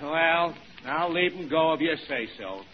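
A man's voice: on the high side, lively intonation, measured pace, a little hiss or hum. A sarcastic tough-guy cop. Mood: gruff. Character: gruff suspicious beat cop. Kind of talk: 1940s radio acting. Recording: muffled old radio broadcast.

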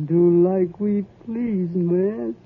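A husky, spiteful rural wife. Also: female voice, fairly low pitch, very slow, exaggerated voice. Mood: sly. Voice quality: folksy ungrammatical drawl. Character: spiteful coarse rural woman, gleeful and scornful. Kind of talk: 1940s radio acting. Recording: tinny old radio broadcast, loud music.

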